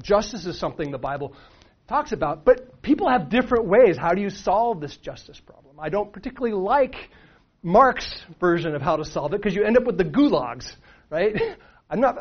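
A middle-aged man preaching a sermon, talking it through casually with restarts and "right?" questions to the room. His voice sits a little high for a man. The recording is muffled and lo-fi. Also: very animated, fairly quick. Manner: conversational, with restarts and rhetorical questions. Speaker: pastor. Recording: dull lo-fi sound.

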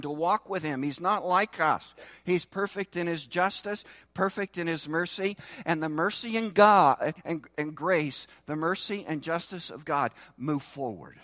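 Male pastor, slow deliberate sermon delivery, dry close sound, swings from forceful to hushed. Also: dry recording. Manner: expressive preaching, swinging between loud emphasis and hushed lows.

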